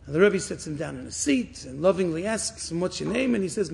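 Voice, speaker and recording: Gravelly high-voiced man preaching with drama. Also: animated, a little fast. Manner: dramatic storyteller, voices swing loud and hushed. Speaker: rabbi. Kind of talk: inspirational sermon with storytelling.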